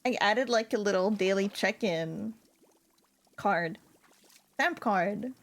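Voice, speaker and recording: A woman's voice: medium pitch, takes it slowly. Rambling giggly woman streamer. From Europe. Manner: rambling, filler-heavy storytelling with frequent giggles. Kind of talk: casual gaming stream chat.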